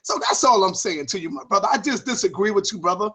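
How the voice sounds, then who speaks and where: A man's voice: sits high, animated, fast talker, sharp tone, husky. A man in a heated discussion, making his point emphatically with repetition, like a sermon. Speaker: debate partner.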